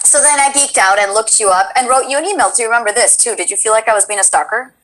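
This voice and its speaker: A young woman from Colombia hosting a casual stream interview, bubbly, chatty and quick to laugh. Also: fairly high pitch, fairly bright tone, a little hiss or hum, poor audio. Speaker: Twitch stream host.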